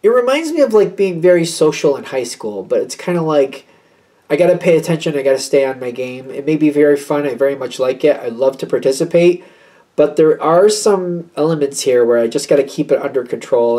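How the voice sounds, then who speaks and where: A man's voice: mid-range voice, a little fast, mellow. A man doing a casual tarot card reading, chatty and thinking aloud with many fillers. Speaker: tarot reader.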